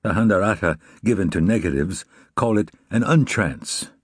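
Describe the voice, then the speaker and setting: Low, husky male audiobook narrator. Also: animated, no room sound, studio quality. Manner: measured, reflective, evenly paced reading. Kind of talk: scripted narration.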